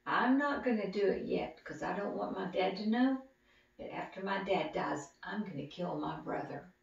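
A woman's voice: on the high side, animated, unhurried, pitched above the performer's own voice. A woman voicing a hot-tempered young man, the older brother, speaking in a raised, pushy way. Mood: menacing. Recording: echoey room, distant dull mic.

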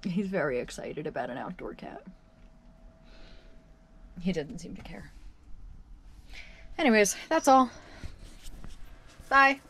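A woman's voice: medium pitch, fairly bright tone, a little hiss or hum. A woman in her twenties talking casually to the camera at home in a wry, self-deprecating video diary. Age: 20s. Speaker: vlogger. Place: at home, indoors.

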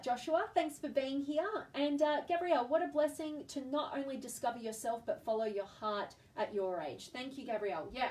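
A woman's voice: fairly high pitch, a little mellow, recorded from a distance, rough recording. Upbeat woman hosting a live stream, slightly off-mic. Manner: enthusiastic, greets viewers by name. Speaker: host. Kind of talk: live-stream talk to viewers.

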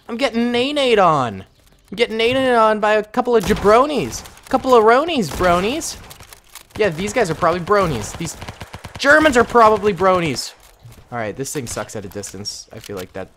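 Excitable man with lively jumping pitch. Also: moderate pace, slight background noise. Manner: excitable, jokey, bursts into yelps. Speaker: gaming YouTuber. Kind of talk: gameplay commentary.

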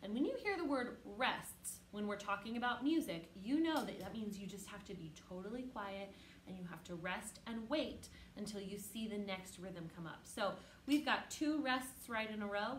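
A woman with a medium-pitched, animated voice teaches children an online music lesson, speaking slowly, clearly, patiently and encouragingly. The recording has a roomy echo, faint background music and a little hiss or hum.

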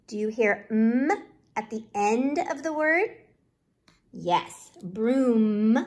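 A woman teacher leads young children through a phonics lesson, sounding out each letter. She speaks slowly and with encouragement, in a slightly high voice.

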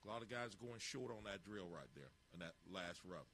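Man, football coach, drill-tape narration, blunt clipped cues, forceful bright voice. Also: deep voice, animated, normal speed, slight background noise.

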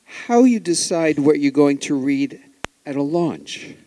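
Mellow-voiced man asking a question. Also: a little high, expressive, rough recording. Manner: halting, repeats himself. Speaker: audience member asking a question. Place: library atrium event.

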